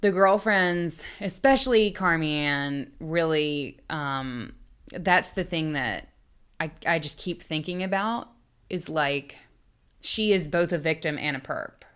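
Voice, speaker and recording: Casting: low, blunt woman podcaster, cursing casually in true-crime chat. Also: slow pace, a bit bright, smooth. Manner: blunt, swears freely, laughs often. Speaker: podcast co-host.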